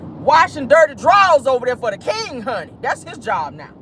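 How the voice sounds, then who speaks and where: A sassy gossip vlogger talks from inside a car, with a very lively, swooping delivery. The talk is loose and animated, full of asides and bursts of laughter. Faint noise hums underneath. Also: sits high, moderate pace. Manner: sassy, animated, laughing, peppered with "honey" and "child". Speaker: vlogger and gossip show host. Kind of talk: casual celebrity gossip monologue.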